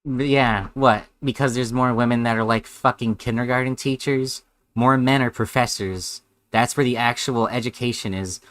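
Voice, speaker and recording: A man's voice: medium pitch, steady tone, normal speed, a bit bright, no echo. A man streaming a live reaction, sarcastic and rambling, with heavy swearing.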